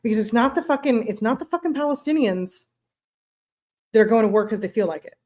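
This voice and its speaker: A woman's voice: fairly high pitch, lively intonation, darkish tone. Blunt sweary woman co-host. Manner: blunt, sweary, retells scenes in quick quoted voices. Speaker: podcast co-host. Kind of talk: casual chat.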